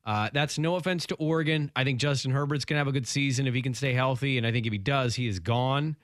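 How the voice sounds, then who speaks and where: Loud male sports radio co-host. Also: mid-range voice, quick pace, no echo, clean studio sound. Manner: loud, confident analysis. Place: radio studio. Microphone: studio mic.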